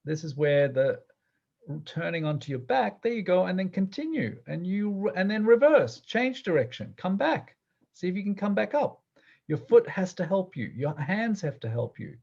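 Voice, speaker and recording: A man teaching a guided movement class, giving gentle, playful instructions and often laughing. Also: sits high, big pitch swings, moderate pace, creaky, muffled recording.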